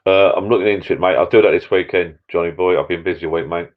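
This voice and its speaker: A man's voice: deep voice, steady tone, quick pace. A man hosting a live stream from his backyard pub shed, chatting and grumbling in a rambling, self-interrupting way. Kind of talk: casual chat with viewers. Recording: dull lo-fi live stream audio.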